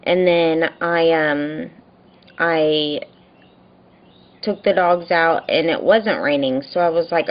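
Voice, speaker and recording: A woman's voice: sits low, slow, long pauses, lo-fi sound. A woman vlogger venting in a rambling, frustrated daily video diary, telling a story by quoting what she and others said.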